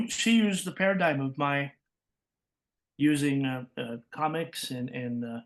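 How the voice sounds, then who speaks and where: A man from California, a voice actor, telling stories in an interview with lively energy, laughing often and acting out the voices he quotes. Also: fairly high pitch, takes it slowly. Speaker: guest, voice actor. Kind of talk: interview storytelling.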